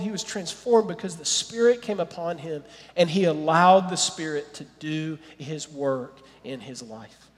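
A man with a high voice preaches to his church with animated, earnest energy. His words ring out with a long reverb from the hall. At times he drops to a soft, quiet prayer. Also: unhurried. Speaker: pastor. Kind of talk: sermon.

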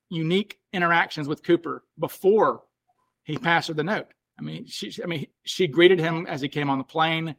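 A man with a fairly high voice hosts a podcast in loose, casual conversation. He thinks aloud as he talks and often circles back to rephrase what he just said. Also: creaky, a bit bright. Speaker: podcast host. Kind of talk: casual chat.

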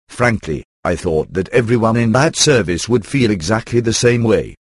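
Low-voiced man with a computerized reading. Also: dry recording. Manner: even, computer-rendered reading. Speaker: audiobook narrator. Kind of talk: first-person audiobook reading.

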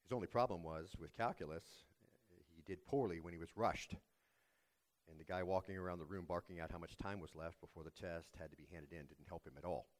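A man preaching a sermon as pastor, telling a story in a measured, earnest way. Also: deep voice.

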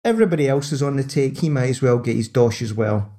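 A man with a Scottish accent co-hosting a casual sports podcast, chatty and animated, laughing often as he tells stories. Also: mid-range voice, quick pace. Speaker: podcast co-host.

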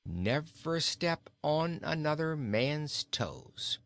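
A man's voice: very animated, extremely slow, fairly bright tone, exaggerated voice. A man putting on a giggly jolly foolish king. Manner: giggly, boastful, high and chortling. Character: merry foolish jolly king who laughs often.

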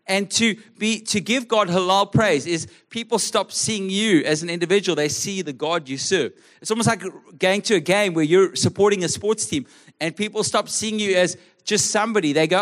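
A man from South Africa preaches to his church in a high, light voice. He talks conversationally and earnestly, stumbling and repeating words as he goes. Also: a little fast, a bit bright. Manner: conversational, earnest, frequent restarts and stammered repeats. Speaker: pastor. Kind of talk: sermon. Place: church service.

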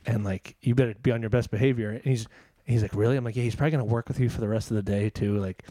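A man's voice: fairly low pitch, steady tone, rapid-fire, dark tone, dry recording. A man, a comedian, telling a rambling story in casual chat and laughing often.

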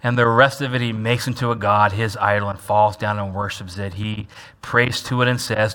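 A man's voice: on the low side, fairly even intonation, normal speed, sharp tone, clean tone. A man preaching a sermon as pastor, emphatic, repeating key lines and having the congregation say them back. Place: church sanctuary. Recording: long reverb of a large church hall.

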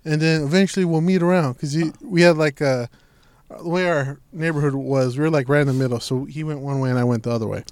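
Animated young man telling a profane story. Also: on the high side, quick pace, no room sound. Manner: profane, animated storytelling, voices quoted people. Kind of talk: casual chat.

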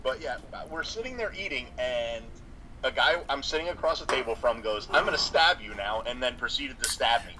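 A man's voice: medium pitch, animated, a crowd in the background, poor audio. A man co-hosting a casual podcast, talking in an easygoing way and often restarting his sentences. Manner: easygoing, halting, repeats words as he starts sentences. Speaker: podcast co-host. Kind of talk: casual chat.

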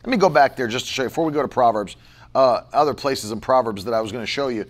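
A man's voice: mid-range voice, fast. A man pastor preaching a sermon, emphatic and repetitive, firing off rhetorical questions.

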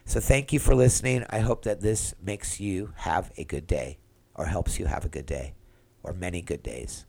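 A man's voice: low voice, moderate pace, gravelly, dark tone, slightly rough. A man hosting his own podcast, talking through a personal reflection in an earnest way. He searches for words as he goes and keeps checking in with the listener. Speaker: podcast host.

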